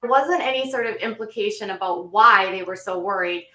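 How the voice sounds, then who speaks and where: A woman host recapping a story and adding her own commentary, in a measured way with frequent ums and self-corrections. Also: mid-range voice, sharp tone. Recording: echoey room, voice a bit off the mic.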